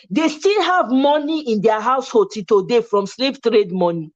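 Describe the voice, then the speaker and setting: A woman's voice: a little high, expressive, moderate pace, darkish tone, dull audio. A Nigerian woman hosting a casual livestream talk, speaking passionately and switching between English and Pidgin. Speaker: host.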